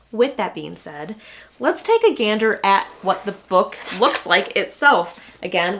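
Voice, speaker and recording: A woman's voice: fairly low pitch, sharp tone, slight background noise. Gushing chatty woman booktuber. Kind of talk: casual unboxing chat.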